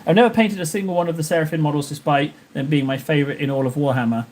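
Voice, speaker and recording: A man's voice: on the high side, very fast, a little mellow. A man from Cornwall chatting casually on a live stream while painting miniatures, rambling, joking and talking to viewers. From Cornwall, England. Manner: jokey, rambling, talks to chat.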